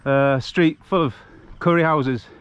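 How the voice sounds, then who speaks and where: A man's voice: mid-range voice, measured pace, clean tone, dull audio. A man from England chatting casually and rambling through stories as he walks along a rural road, recorded on a handheld camera outdoors. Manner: chatty, rambling, laughs often. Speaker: vlogger on a charity walk. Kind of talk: casual chat while walking.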